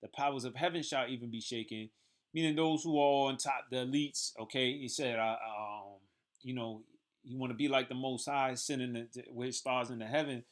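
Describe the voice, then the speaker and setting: A man's voice: medium pitch, fairly even intonation, moderate pace. A man teaching from the Bible in a loose, conversational way, full of fillers and restarts.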